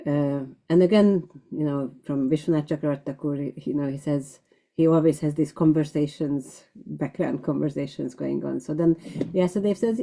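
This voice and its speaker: A woman's voice: sits low, fairly even intonation, normal speed, creaky, dark tone. A woman leading a scripture class, explaining terms step by step with frequent ums and uhs. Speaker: class teacher.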